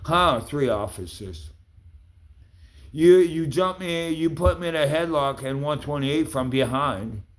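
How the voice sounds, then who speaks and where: A man's voice: a little high, animated, a little slow. A man in an angry, profane rant, accusing and swearing at the people he addresses. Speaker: vlogger.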